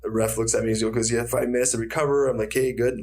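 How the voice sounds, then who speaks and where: A man's voice: medium pitch, rapid-fire, noisy background. A man, a retired fighter, telling stories in a casual interview, acting out quotes and swearing freely. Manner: animated storyteller, acts out quotes, swears freely.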